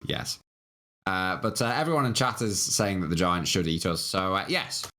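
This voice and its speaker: Man in a casual game stream, lower voice, reads on-screen text, hesitant fillers. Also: animated, normal speed, sharp tone. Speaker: game player on a live stream.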